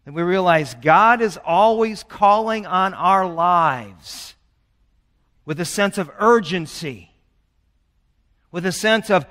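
A man's voice: high-pitched, lively intonation, slow pace, bright, forceful tone. Earnest man preaching in a reverberant church. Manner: earnest, building urgency with storytelling. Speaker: pastor. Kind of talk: sermon. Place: church sanctuary.

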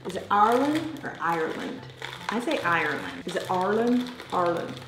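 A woman's voice: medium pitch, big pitch swings, normal speed, roomy sound, background noise. A woman with an American accent hosting a casual taste-test vlog, chatting straight to her viewers. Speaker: vlogger.

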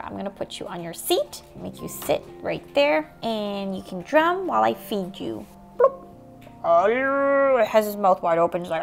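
A woman's voice: mid-range voice, vocal fry. A woman with a bubbly, playful manner, narrating a toy unboxing in a casual way. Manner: bubbly, playful, gasps and giggles.

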